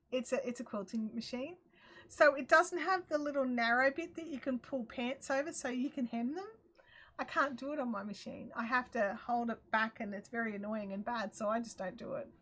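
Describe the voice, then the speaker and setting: Bright-voiced Australian woman chatting. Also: on the high side, moderate pace. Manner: chatty, reads out viewer comments, laughs often. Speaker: host. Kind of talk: live craft chat stream.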